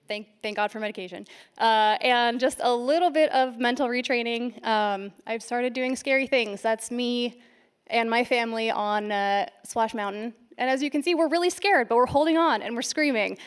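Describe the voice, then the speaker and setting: Woman, conference speaker, a little high-pitched, shaky with stage nerves, self-deprecating storyteller. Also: clean tone. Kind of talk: lightning talk.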